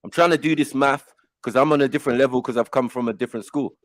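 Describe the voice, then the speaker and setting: A man's voice: mid-range voice, fast talker, no room sound. A middle-aged man, telling stories in casual panel chat and acting out the voices he quotes. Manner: animated storytelling, acts out voices in quotes. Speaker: panel host.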